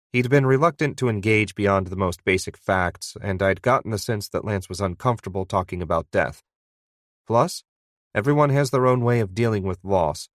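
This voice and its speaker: Low, animated male audiobook narrator. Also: no echo, clean studio sound. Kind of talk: first-person scripted narration.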